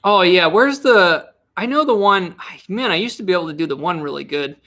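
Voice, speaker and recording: A man's voice: high voice, animated, brisk, pushed and bright. A young man chatting casually on a live stream, rambling and restarting his sentences, with frequent laughs. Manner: rambling, self-interrupting, giggly.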